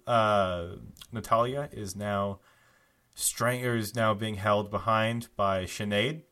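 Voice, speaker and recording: A fairly low, clean-toned male voice narrates as game master of a tabletop session, keeping things laid-back and peppered with fillers.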